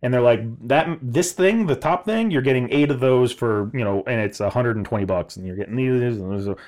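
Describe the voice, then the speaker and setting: Male co-host, casual storytelling, animated and profane, average pitch. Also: fairly quick. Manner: animated, swearing, laughing, mimicking others in quotes.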